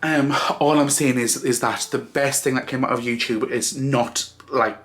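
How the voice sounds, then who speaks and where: A man talking through tears in a casual vlog, halting and restarting with many fillers as he thanks friends. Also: medium pitch, fairly even intonation, fairly bright tone. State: crying. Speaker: vlogger.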